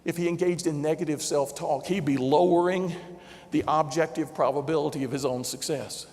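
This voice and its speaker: A man with a Southern drawl delivers a lively storytelling keynote and chuckles at his own anecdotes. His voice sits high for a man. The long reverb of a huge convention hall trails after each phrase. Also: normal speed. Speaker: motivational keynote speaker. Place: large convention center hall before a big audience.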